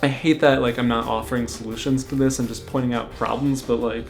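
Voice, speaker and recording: Young guy doing a sarcastic movie rant vlog, average pitch, bit of music in the back. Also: steady tone, fairly quick, vocal fry. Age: young adult. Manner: sarcastic, exasperated, mimics characters. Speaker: movie reviewer.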